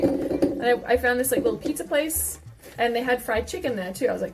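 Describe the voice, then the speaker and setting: A woman streamer chatting casually while she cooks, animated and swearing often. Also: a little high, fairly quick, very noisy. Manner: animated, swearing, exclaiming in pain. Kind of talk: casual cooking stream chat.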